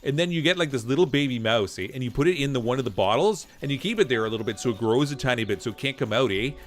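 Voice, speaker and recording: A man voicing a dopey, beer-loving Canadian hoser in an exaggerated Canadian accent, loud and drawling, ending lines with "eh". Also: mid-range voice, animated, racing, close to an everyday voice. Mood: goofy.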